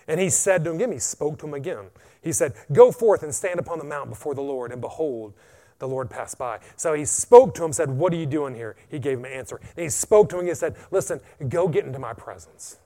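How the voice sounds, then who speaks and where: A man with an American accent preaching a sermon, repeating "amen" and swinging between loud and hushed delivery. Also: fairly high pitch, expressive, quick pace. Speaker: pastor.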